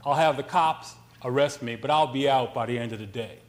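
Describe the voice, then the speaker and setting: A man voicing a hot-tempered young muscular tough with a Brooklyn accent, shouting threats. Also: a little fast, close to an everyday voice. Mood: angry threatening. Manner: loud, high-pitched shouting threats.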